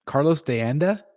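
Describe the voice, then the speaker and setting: A man hosting a casual collecting live stream from his home, reading viewer comments aloud and thanking members, his voice jumping up when he gets excited. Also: no echo. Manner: excitable, jumps in pitch when greeting members. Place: home room.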